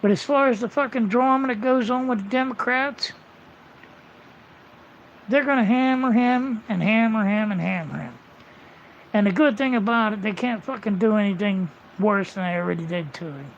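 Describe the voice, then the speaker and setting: A man with a high, gravelly voice rants on a livestream, swearing freely and wandering from point to point. The sound is muffled and lo-fi. Faint background ambience sits under his voice. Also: normal speed, a little hiss or hum. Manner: profane, rambling, blunt. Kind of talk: casual ranting monologue.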